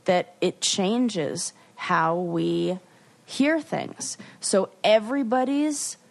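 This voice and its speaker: A woman co-hosting a podcast, retelling what she watched in a lively, chatty way with restarts and playful asides. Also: medium pitch, drawn-out words, creaky. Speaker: podcast co-host. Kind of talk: casual chat.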